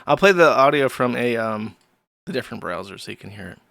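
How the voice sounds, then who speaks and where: A man's voice: mid-range voice, expressive, fast, gravelly, a bit bright. A man hosting a livestream, ranting in crude, scornful commentary and breaking into laughs. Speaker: host.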